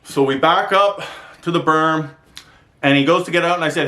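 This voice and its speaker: A male vlogger rants to the camera, telling stories in an exasperated, sweary, animated way. His fairly high voice moves briskly, captured on a handheld camera mic.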